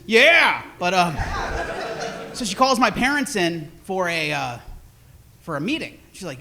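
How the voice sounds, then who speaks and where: A man in his forties with a high, bright voice performs a stand-up set on a club stage. He rambles through self-deprecating stories, stumbling into restarts, while an audience laughs behind him. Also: expressive, normal speed, slight background noise. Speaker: stand-up comedian.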